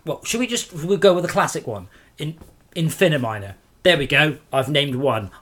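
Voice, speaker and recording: A man's voice: fairly high pitch, animated, moderate pace, fairly bright tone. A man streaming a game live and sarcastically scolding trolls in his chat.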